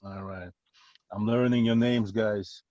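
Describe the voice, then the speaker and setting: A man's voice: fairly low pitch, fairly even intonation, slow pace, warm tone, no echo. A middle-aged man from Uzbekistan, a guest on a video call, speaking plainly with slightly non-native phrasing. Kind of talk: casual talk on a call. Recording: dry, dull lo-fi call audio.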